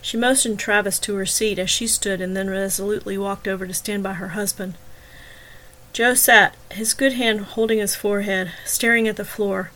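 A woman host and author reading a chapter of her novel in steady, expressive narration. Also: mid-range voice, moderate pace, poor audio.

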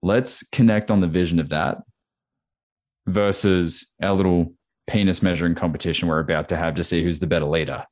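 A man's voice: low-pitched, steady tone, brisk, a little mellow. A young man, chatting in a laid-back, slangy way and swearing. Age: young adult. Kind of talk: casual chat.

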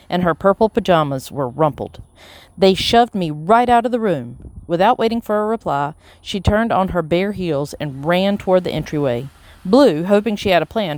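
An audiobook narrator reading a children's chapter book in a steady, even voice. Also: medium pitch, no echo. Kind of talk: scripted storybook narration.

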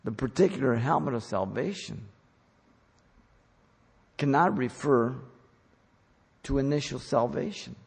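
A husky-voiced man delivers a sermon at an unhurried, measured pace. He preaches with deliberate emphasis and leans hard into key words. His voice rings out with a long, lingering reverb. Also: medium pitch, animated, a little mellow. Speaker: pastor.

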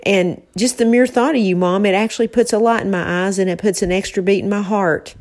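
A woman's voice: mid-range voice, fairly even intonation, fairly quick, darkish tone. A woman co-hosting a podcast from an office, chatting with her mother in an affectionate, emotional way and teasing her now and then. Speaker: podcast co-host. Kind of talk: casual heartfelt chat.

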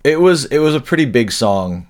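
A man's voice: mid-range voice, big pitch swings, normal speed, over loud music. A man co-hosting a podcast in casual chat, rambling along with dry humor and frequent self-corrections. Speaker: podcast co-host.

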